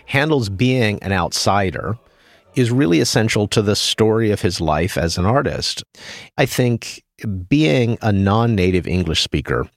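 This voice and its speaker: A man's voice: on the low side, expressive, a little slow, no echo. A man giving thoughtful, lecture-like commentary on music history, sometimes reciting lines to show their stress. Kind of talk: explanatory commentary.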